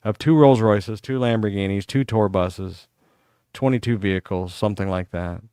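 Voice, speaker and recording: His voice is on the low side and clean, at normal speed, recorded in a clean studio with no room sound. He's a middle-aged American hosting a live talk show, delivering a rambling monologue of stories and acting out other people's words with gusto.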